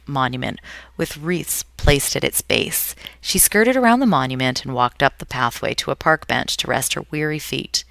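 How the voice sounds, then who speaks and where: Novel reader, gravelly, bright tone, dry close sound, frequent slips and self-corrections. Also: medium pitch, no room sound. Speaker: audiobook reader. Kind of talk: reading a novel aloud.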